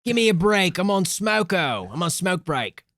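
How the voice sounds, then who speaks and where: A man doing a loud, drawling Australian bloke with a put-on accent, all slang and bared teeth. The voice sits high and swings widely, and it is recorded dry and close. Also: big pitch swings, moderate pace, no echo, full character voice. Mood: brash. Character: brash Australian bloke stereotype.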